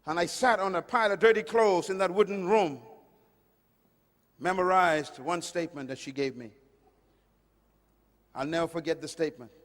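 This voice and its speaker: A man from the Caribbean with a high-set voice preaches a sermon in a big hall, and the long reverb trails after each phrase. He hammers his points loudly, then drops to a hushed, low tone, recorded in a large auditorium. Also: normal speed, pauses often. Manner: emphatic, swinging from loud to hushed.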